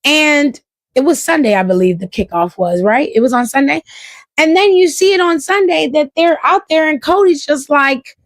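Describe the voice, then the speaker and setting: A woman hosts a casual wrestling recap and talks it through in a fairly high voice. She is animated and profane and acts out what people said. The sound is close and dry. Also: normal speed, no room sound. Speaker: wrestling show reviewer, host. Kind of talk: casual commentary.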